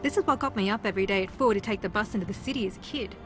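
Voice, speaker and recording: Actress doing a deadpan, teasing game contestant from New Zealand, mid-pitched, sarcastic. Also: female voice, rapid-fire, music in the background, close to an everyday voice. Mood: wry. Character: wry, sarcastic female reality-TV contestant, former aerialist. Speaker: reality show contestant. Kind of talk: video game voice acting.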